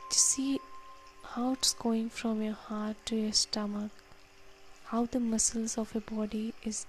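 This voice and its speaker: A woman leading a guided meditation, counting breaths and giving slow, soft, calm instructions. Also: fairly high pitch, vocal fry.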